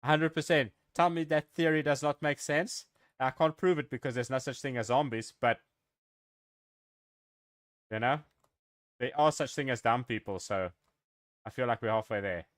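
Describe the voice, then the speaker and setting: A man's voice: medium pitch, normal speed, long pauses, no room sound, clean studio sound. A man from Africa, live-streaming a game and chatting in a rambling, joking way with his viewers. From South Africa. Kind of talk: casual live-stream chat.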